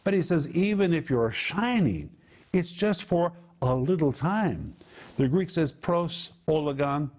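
A middle-aged man teaching the Bible, explaining word meanings slowly and with emphasis. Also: a little high, animated, a little mellow. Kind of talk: teaching sermon.

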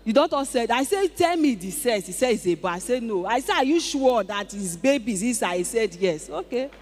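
A Nigerian woman tells her testimony to a congregation with lively, exclaiming energy. Her voice carries a long reverb from a large church auditorium. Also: fairly high pitch, a little fast. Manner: animated, exclaiming, acts out dialogue. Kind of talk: emotional testimony before a congregation.

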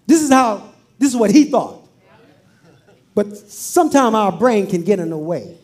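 A woman's voice: medium pitch, very animated, a little slow, a little mellow. A woman pastor preaching a sermon, playfully acting out scripture with humor.

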